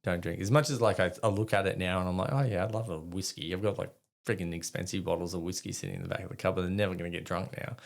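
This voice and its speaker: Middle-aged Australian man, very low gravelly voice, rambling and sweary, chuckles through his own stories. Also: fairly even intonation, very fast, hardly any pauses. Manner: rambling, swears freely, laughs at himself. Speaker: guest, army veteran. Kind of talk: casual storytelling in an interview.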